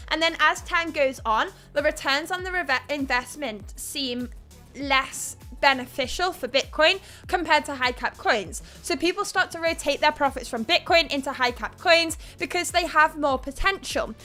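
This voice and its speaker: A woman's voice: high-pitched, pushed and bright. A young woman hosting a live crypto news stream, explaining markets and reading chat in a candid, conversational way. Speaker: crypto news show host.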